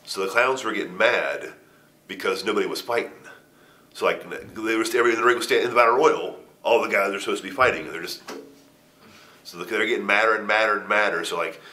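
A middle-aged man appearing as an interview guest, a wrestler, recounts a story loosely, with heavy swearing, laughter and stammered restarts. He talks fast in a somewhat low voice with a sharp tone.

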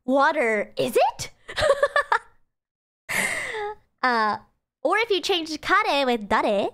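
A young woman with a high, light voice gives a relaxed livestream lesson. She chats freely and giggles between her examples, with plenty of casual fillers. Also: takes it slowly, pauses often. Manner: chatty and giggly, frequent fillers. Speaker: streamer teaching Japanese.

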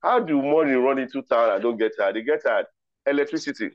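A man's voice: medium pitch, brisk, no echo. A man hosting a virtual ceremony, running a riddle quiz in a playful, teasing way and reading out chat replies. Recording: dry, dull lo-fi call audio.

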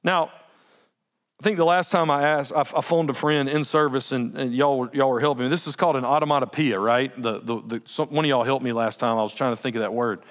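A male pastor preaching a sermon in an animated, conversational way with laughing asides. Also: medium pitch, a little fast.

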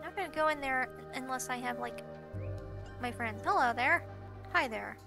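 A woman casually commenting while she plays a game, chatty and excitable, often giggling. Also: high voice, moderate pace, vocal fry. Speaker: gameplay channel host. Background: game music.

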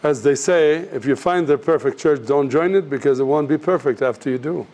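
Fairly quick and slightly high, with a little mellowness, this is a missions teacher speaking earnestly and directly to his class. He tells anecdotes and acts out the voices of the people he describes.

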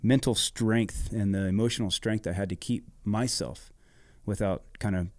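A man's voice: on the low side, steady tone, moderate pace, no echo, studio quality. A middle-aged man telling a story in casual podcast chat, laid-back and swearing freely. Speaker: podcast guest, former motocross racer.

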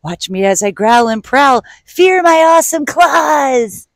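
A woman's voice: high-pitched, expressive, slow, no echo, voice pushed up, exaggerated voice. A woman voicing a boastful little tiger-wannabe cat. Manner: boastful, exaggerated roaring. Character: small proud house cat boasting it is a tiger.

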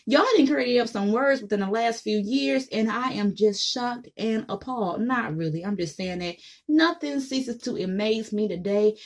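A woman's voice: mid-range voice, a little mellow. Woman vlogger, blunt and profane, opinionated monologue straight to camera. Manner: blunt, profane, mocking voices she imitates.

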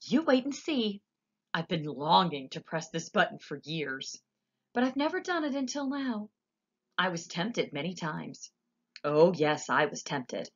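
Woman voicing eccentric cheerful candy-maker man, bubbly, high and springy, storybook voice, muffled lo-fi. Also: breathy edge. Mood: gleeful. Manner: quick, bubbly, exclamatory, higher voice. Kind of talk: storybook character voice.

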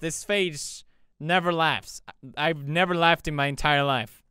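A young man hosting a reaction video, mock-serious and profane, with sudden exaggerated shouts. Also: fairly high pitch, steady tone, a little slow, smooth, no echo, studio quality. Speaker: video host. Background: music.

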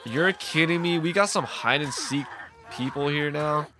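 A man's voice: on the high side, measured pace, background noise. A man giving casual commentary while playing a game, jumpy and exasperated, often swearing and laughing. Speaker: let's play gamer.

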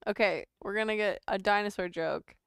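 A woman's voice: medium pitch, normal speed, gravelly, fairly bright tone, clean tone, dry recording, clean studio sound. A woman chatting casually on a sewing livestream, laughing often and reading chat aloud.

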